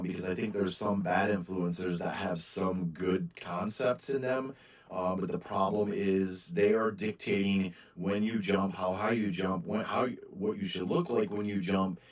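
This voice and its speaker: A man's voice: low voice, poor audio. A man hosting his own channel and talking casually about collecting, rambling with frequent restarts and sounding tired. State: tired, yawning. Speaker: sports card seller and channel host. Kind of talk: casual monologue to camera.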